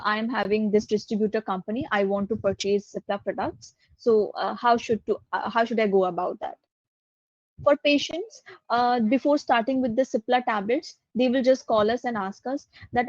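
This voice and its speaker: A woman's voice: a little high, no room sound. A woman with an Indian English accent giving an online course lecture, explaining things step by step and repeating her key points. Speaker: guest lecturer. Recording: dull lo-fi dry audio.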